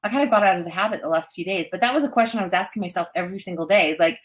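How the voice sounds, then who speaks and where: A woman's voice: on the low side, rapid-fire. Bubbly, chatty woman giving psychic readings. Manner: bubbly, chatty, reads viewer comments aloud, laughs often. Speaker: intuitive reader and host. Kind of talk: live-stream psychic readings.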